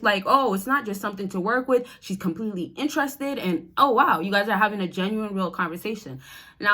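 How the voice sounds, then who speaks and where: A woman's voice: a little high, pushed and bright. Chatty woman giving dating advice. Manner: chatty, direct, addresses viewers as y'all and fellas. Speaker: dating coach. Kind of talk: casual advice vlog to camera.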